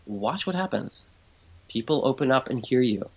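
A man talking as a guest expert in an interview. He explains in a lively, conversational way, often restarts his sentences and acts out voices when he quotes people. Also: mid-range voice, moderate pace, muffled recording.

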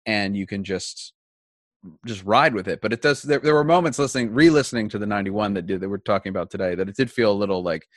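A man's voice: lowish voice, quick pace, no room sound, clean studio sound. A man hosting a podcast, thinking aloud in casual chat with many restarts. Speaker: podcast host.

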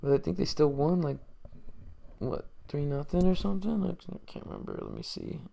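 Gravelly-voiced man rambling casually. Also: a little high, wildly swooping pitch, moderate pace, dark tone. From Mexican-American. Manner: rambling, filler-heavy, joking. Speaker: podcast host. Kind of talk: casual solo chat.

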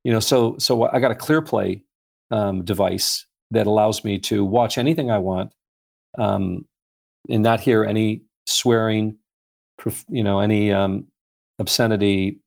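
A man's voice: lowish voice, fairly even intonation, a little slow, creaky. A man speaking as a guest in a casual faith-based conversation, rambling with many fillers and restarts as he tells stories. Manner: acts out voices in anecdotes.

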